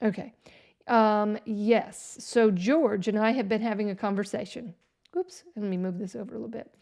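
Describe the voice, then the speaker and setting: A woman's voice: medium pitch, steady tone, moderate pace, vocal fry, darkish tone. A woman hosting a casual live stream, sarcastic and exasperated, talking to herself as she works.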